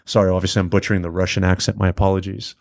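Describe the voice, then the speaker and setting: A man with a fairly low voice chats as a podcast guest in a studio. He tells stories in a loose, slangy way and keeps breaking into laughter. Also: flat delivery, very fast, gravelly. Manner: laid-back, slangy, laughs often while telling stories. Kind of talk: casual chat.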